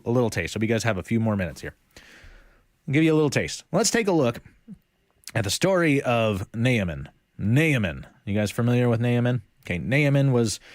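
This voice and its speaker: Animated man teaching Bible study. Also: medium pitch, no echo, clean studio sound. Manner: animated, conversational, retells scripture in everyday speech.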